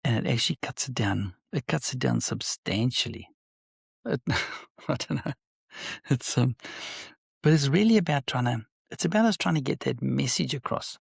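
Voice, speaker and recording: A man, a business owner and guest on an interview podcast, telling stories in an animated way and acting out quoted dialogue. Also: medium pitch, normal speed, creaky, breathy edge, no echo, studio quality. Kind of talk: conversational interview.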